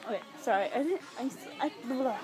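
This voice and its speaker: High-voiced giggly young woman vlogging. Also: brisk, loud music behind the voice, a loud crowd, rough recording. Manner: rambling, giggly and excitable. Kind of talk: casual vlog chat. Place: inside stores and a mall. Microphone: phone held while filming.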